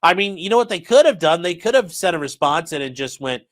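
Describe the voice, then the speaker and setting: A man's voice: on the high side, fast talker. A man giving casual, sarcastic legal commentary on a livestream, talking straight to his chat. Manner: casual, sarcastic, lively asides.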